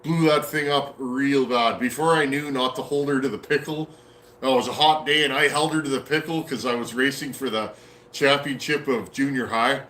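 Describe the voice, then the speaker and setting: A man's voice: medium pitch, steady tone, moderate pace, sharp tone, slight background noise. Folksy Canadian man in an echoey workshop. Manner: folksy, rambling, answers chat comments aloud. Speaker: chainsaw builder hosting a live stream. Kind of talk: casual live-stream chat. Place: home workshop.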